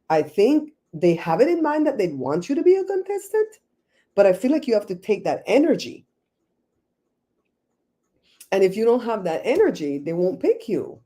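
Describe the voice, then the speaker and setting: A woman's voice: medium pitch, mellow. A woman hosting a casual livestream, chatting with viewers by name and laughing often. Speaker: livestream host.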